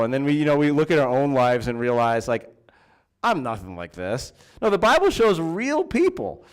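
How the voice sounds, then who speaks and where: A man's voice: mid-range voice, clean tone. A man preaching a sermon in a church, in a conversational way with fillers and restarts. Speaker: pastor.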